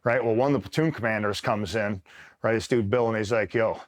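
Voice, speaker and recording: A man's voice: on the low side, a little fast. A man from upstate New York, a retired Marine, telling a rambling war-buddy story in a casual, profane way and checking in with the listener often. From upstate New York, USA. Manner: rambling, swears freely, keeps checking in with the listener. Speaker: retired Marine, interview guest.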